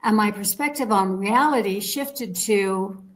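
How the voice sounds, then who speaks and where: A woman guest in an interview, telling a personal story in a lively way, acting out the dialogue and checking in with her listeners. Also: mid-range voice, a little slow, rough recording. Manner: animated storyteller, acts out quoted dialogue, checks in with "okay?".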